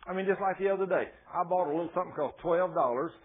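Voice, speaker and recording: A man preaching a sermon, telling Bible stories in a folksy, animated way. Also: high-pitched, fast talker, slight background noise. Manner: folksy, animated storytelling with laughs. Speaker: pastor. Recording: tinny phone-like sound.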